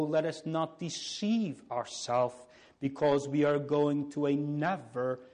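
A man preaching a sermon in a solemn, pleading way, with long pauses and repeated phrases. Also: on the high side, mellow.

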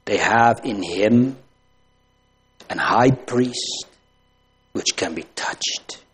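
A man preaching a sermon, asking rhetorical questions and swinging from loud emphasis to hushed tones. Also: fairly low pitch, lively intonation, very slow, a little hiss or hum.

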